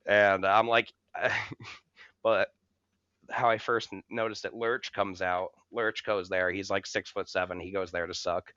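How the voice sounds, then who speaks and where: A young man spins a rambling, profane story for his co-hosts, chuckling between lines. His voice is bright and clean, close to the mic with no room sound, though the recording is a little dull and muffled. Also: deep voice, level tone, measured pace, clean tone, dry recording. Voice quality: swears freely, laughs through the telling. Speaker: podcast co-host. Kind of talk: casual storytelling.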